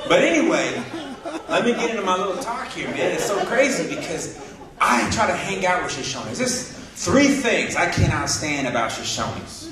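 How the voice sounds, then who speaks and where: Male stand-up comic, high, lively voice, echoey hall, audible crowd. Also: normal speed. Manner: animated storytelling, acting out other people's voices. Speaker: stand-up comedian. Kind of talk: stand-up comedy set. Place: hall with a live audience. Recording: echoey hall from far off, audience laughing.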